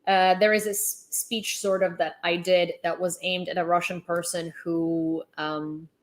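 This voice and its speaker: A woman's voice: on the low side, little pitch movement, unhurried. A young adult woman livestreaming casual commentary on the news. She talks in a chatty, sarcastic way, with lots of fillers and restarts.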